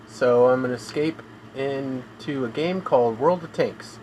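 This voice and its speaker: A man talking in a flat, weary monotone on a casual live stream from his home room, sounding tired and in pain as he complains. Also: medium pitch, normal speed, slight background noise, poor audio. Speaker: gaming streamer.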